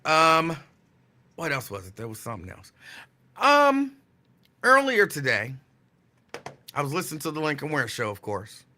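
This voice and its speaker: A man hosting a loose, rambling talk stream in a high, very bright voice. He chats with viewers, drifts between topics and repeats lines to drive a point home. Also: big pitch swings, normal speed, pauses often. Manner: chatty, digressive, answers chat comments; repeats phrases for emphasis. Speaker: talk show host. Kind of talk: casual live-stream talk.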